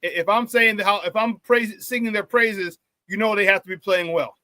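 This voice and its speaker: Hyped high-voiced sports talk host. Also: male voice, a little fast, no room sound. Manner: excitable and hyped, with frequent laughs and slang. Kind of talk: live-streamed sports talk, reading viewer chat.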